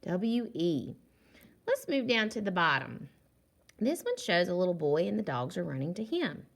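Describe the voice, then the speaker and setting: A woman teacher giving a recorded phonics lesson to young children, sounding out words slowly and clearly and praising them. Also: lowish voice, very animated.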